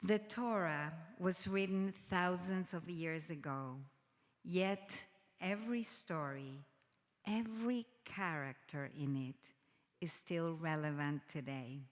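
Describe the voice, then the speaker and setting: A woman reading prepared remarks at a worship service in a measured, deliberate way. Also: on the low side. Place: sanctuary. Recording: long reverb of a large hall.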